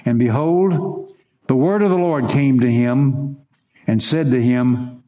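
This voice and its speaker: Dramatic, mellow-voiced male preacher. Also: takes it slowly, echoey room, lo-fi sound. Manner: dramatic reading with wide swings in pitch; asides to the congregation. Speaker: pastor. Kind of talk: sermon scripture reading.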